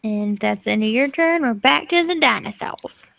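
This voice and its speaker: A woman with a gravelly, fry-edged voice runs a tabletop game as its game master, tossing off rulings in a relaxed, casual way. Her voice sits a little high and is recorded close and dry. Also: normal speed, no room sound.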